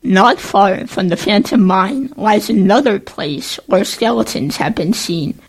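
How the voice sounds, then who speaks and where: A woman giving a measured, scripted narration of desert ghost legends. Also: medium pitch, breathy edge, rough recording. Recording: faint music underneath.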